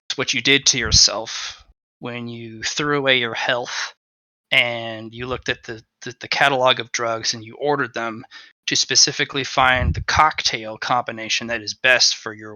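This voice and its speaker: A man's voice: mid-range voice, bright, forceful tone, dry recording, rough recording. A man narrating as game master of a tabletop game, laughing, swearing and throwing in dramatic asides.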